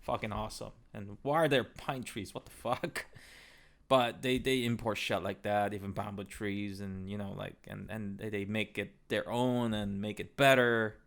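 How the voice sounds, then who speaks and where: Bright-voiced, laid-back man in his thirties. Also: lowish voice, fairly even intonation, unhurried, creaky. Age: 30s. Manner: profane, rambling, laid-back. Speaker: travel vlogger. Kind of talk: casual storytelling narration.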